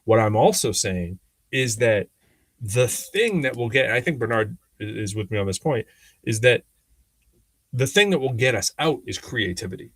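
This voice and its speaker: A man in easy conversation on a podcast, his voice dry and close to the mic with no room sound. He rambles through his stories with restarts and fillers and slips into lively impressions of the people he quotes. His pitch sits in a plain middle range. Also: moderate pace, slightly rough, no echo. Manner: animated, acts out quoted people in changing voices. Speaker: podcast co-host. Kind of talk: casual conversational storytelling.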